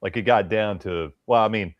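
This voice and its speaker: A man's voice: lowish voice, normal speed, no echo, dull audio. A man from Tennessee, a guest in a casual chat, rambling, repeating words and swearing casually.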